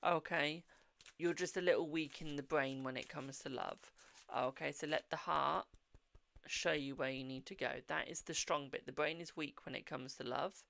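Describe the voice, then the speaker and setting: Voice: medium pitch, fairly even intonation, normal speed, creaky, a bit bright, dry recording. A tired, yawning tarot reader with a British accent, hosting a live-stream reading in a blunt but reassuring way, often saying "okay, my darling".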